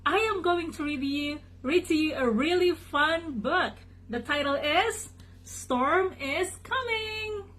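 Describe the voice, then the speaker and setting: A woman's voice: high voice, fairly bright tone. A woman hosting a read-aloud for children, talking to her young listeners directly and cheerfully. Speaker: storybook reader for children.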